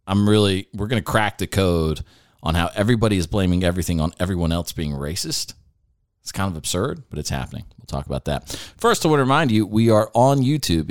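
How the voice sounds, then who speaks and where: Deep-voiced man hosting a talk show. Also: dry recording, clean studio sound. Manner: animated storyteller who acts out other people's voices. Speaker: podcast host. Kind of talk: casual talk show storytelling.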